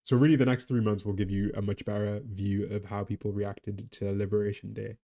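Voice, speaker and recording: A man's voice: on the low side, level tone, brisk, mellow. A tired man with a weak Geordie accent, chatting casually on a live stream, rambling and laughing about the economy. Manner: laughing, rambling, talks to chat and a pet.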